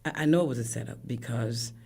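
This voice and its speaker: Grieving woman in her fifties, emotional, gravelly, husky, slips into breathy whispers. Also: rumbling low, fast. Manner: often drops to a hushed, breathy whisper. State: emotional, voice cracking. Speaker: guest, bereaved mother. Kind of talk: emotional personal account.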